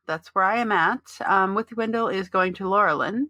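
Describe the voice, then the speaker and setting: A woman's voice: medium pitch, normal speed, sharp tone, no room sound. A woman co-hosting a casual gaming podcast, rambling with lots of fillers and restarts and reading out listener messages. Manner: reads out listener chat messages. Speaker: podcast co-host. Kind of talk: casual chat about an online game.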